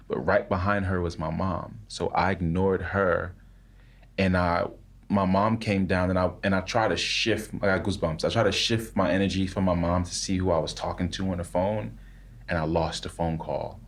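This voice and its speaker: Low-voiced man telling a halting story. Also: fairly even intonation. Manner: halting, full of "like" and repeated words. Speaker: podcast guest. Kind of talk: casual storytelling.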